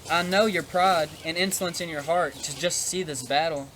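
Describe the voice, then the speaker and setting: A man voicing an angry older brother who scolds in sharp, rapid questions. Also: on the high side, a little hiss or hum, voice pushed up, lightly acted, poor audio.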